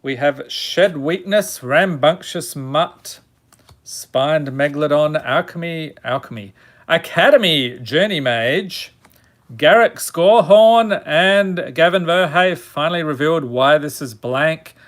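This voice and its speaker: A man's voice: on the high side, slow, a bit bright. A man hosting a casual card pack-opening video, reading out card names with dry, self-mocking humour. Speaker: channel host opening card packs.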